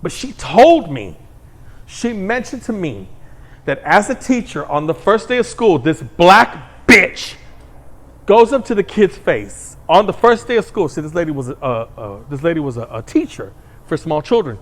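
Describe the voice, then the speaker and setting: A man's voice: fairly high pitch, sing-song, normal speed. A man hosting his own commentary show, ranting in a blunt, heated, crude monologue. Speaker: commentary host.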